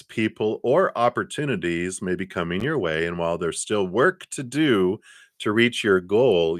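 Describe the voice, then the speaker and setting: Male tarot reader on a livestream, low-pitched, rambling and good-humored, dry close sound. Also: a bit bright, no room sound. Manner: chatty, laughs often, trails off with fillers. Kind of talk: live-streamed tarot reading.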